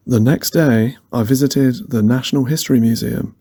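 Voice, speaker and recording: A man's voice: mid-range voice, brisk, background noise. A young man chatting casually in a vlog, rambling and tentative, laughing at himself as he talks. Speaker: van life vlogger. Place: outdoors in a city and in a van.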